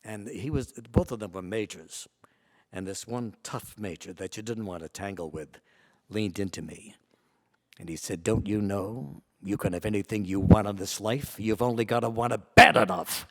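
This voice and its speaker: An older man telling a personal story to a live audience, acting out the voices of the people in it with sudden leaps in pitch and loudness. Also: normal speed. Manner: animated, acts out quoted voices with big jumps in pitch and loudness. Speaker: guest storyteller. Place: large auditorium. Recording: long reverb of a large hall.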